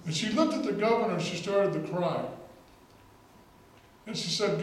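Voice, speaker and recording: A man's voice: high voice, lively intonation, normal speed, pauses often. A man who is a state legislator, giving an emphatic storytelling speech at a political rally. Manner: storytelling, emphatic, repeats words for effect. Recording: echoey hall, distant mic, faint noise.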